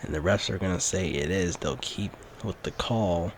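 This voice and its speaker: A man giving casual play-by-play commentary over his football video game, rising with excitement on big plays. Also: sits low, normal speed, slight background noise. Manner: mock sportscaster play-by-play, lively on big plays. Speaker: gaming YouTuber.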